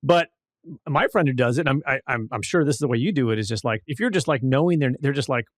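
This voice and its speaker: A man's voice: medium pitch, expressive, quick pace, dry recording, clean studio sound. Chatty man co-hosting a podcast. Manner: chatty, swapping anecdotes. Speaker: podcast co-host. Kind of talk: podcast conversation.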